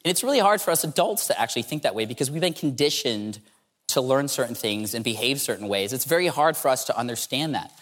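A man's voice: mid-range voice, expressive, fast, a bit bright. Man telling a humorous story. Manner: playful, acts out dialogue in the telling. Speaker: speaker at an entrepreneurship event.

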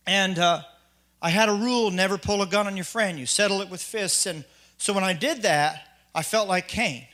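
A man giving a spoken personal testimony, earnest and halting, often restarting his sentences. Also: high-pitched, pushed and bright. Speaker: testimony speaker.

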